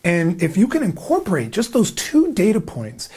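A man giving a sales training lesson, emphatic and energetic, acting out prospects' replies. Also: high-pitched, moderate pace, husky. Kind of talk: instructional talk to camera.

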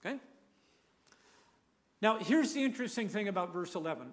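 High, lively-voiced male preacher. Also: a little fast. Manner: emphatic, repeats key phrases, leads the audience in repeating lines. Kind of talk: sermon.

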